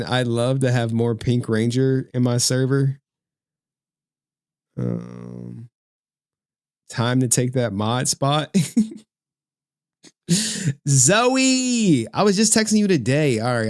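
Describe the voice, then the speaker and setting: A man hosting a loose, casual livestream. His pitch swings all over as he talks, and he laughs a lot in between. His slangy, profane chatter sounds dry and close, with no room sound. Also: big pitch swings, slow, long pauses, no room sound. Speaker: streamer host.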